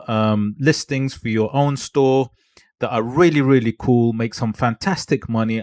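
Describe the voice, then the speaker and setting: A man talks fast and eagerly, selling every point with punchy catchphrases. His voice sits in an ordinary middle range. The sound is close and dry, with no room around it. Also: medium pitch, dry recording. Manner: energetic, salesy, punchy catchphrases. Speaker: online seller coach. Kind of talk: hyped-up product walkthrough.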